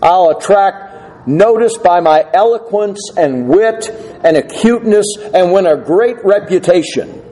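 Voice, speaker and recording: A man's voice: high-pitched, animated, unhurried, mellow, voice pushed up. A man voicing an eager, ambitious young male law student in a story told from the pulpit.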